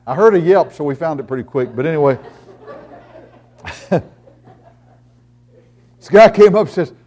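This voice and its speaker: A middle-aged man preaching a sermon as pastor, swinging between loud emphatic lines and hushed storytelling. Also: a little high, expressive, moderate pace.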